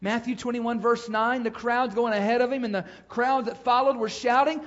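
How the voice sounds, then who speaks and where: A pastor with a very high, fairly bright voice preaches at a moderate pace, his tone steady overall while his cadence rises and falls. He repeats phrases for emphasis, and the recording is muffled and lo-fi.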